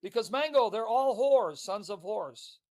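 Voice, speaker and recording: A man's voice: sits high, animated, unhurried, darkish tone. A man delivering a hostile, insulting tirade on a livestream. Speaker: online commentator. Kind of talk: livestream rant.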